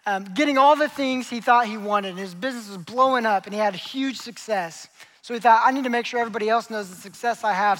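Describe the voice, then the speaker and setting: A young man preaching a sermon as a pastor, telling stories with lively acted-out characters. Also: high-pitched, poor audio. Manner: animated storytelling, acts out characters.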